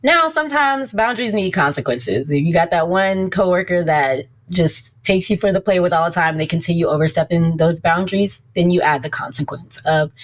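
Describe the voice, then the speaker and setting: Direct, lower-voiced woman therapist. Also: normal speed, few pauses. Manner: direct, assertive, down-to-earth slang. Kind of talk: casual interview chat.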